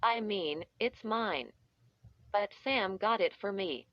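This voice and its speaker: A woman's voice: medium pitch, lively intonation, slow, dry recording. A woman reading as a hesitant young girl. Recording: dull, slightly muffled audio.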